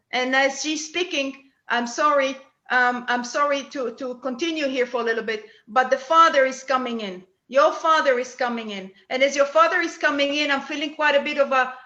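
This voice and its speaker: Woman psychic medium, high bright voice, halting and repetitive delivery, echoey lo-fi room sound. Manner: halting, repeats words while searching. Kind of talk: mediumship reading at a church service.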